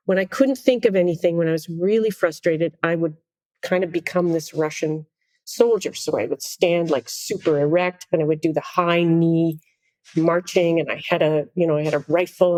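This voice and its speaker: A middle-aged woman with a fairly low voice tells a story as a podcast guest. She is animated, acting out what people said and laughing often, recorded close and dry. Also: no echo. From Canada. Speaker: guest conductor.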